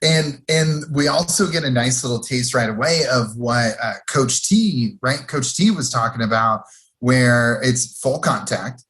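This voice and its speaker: A man co-hosting a relaxed podcast, talking at a middle pitch. He laughs a lot and breaks into lively retellings of scenes. His delivery stays easygoing and chatty. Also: a little slow. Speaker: podcast co-host. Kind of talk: casual chat.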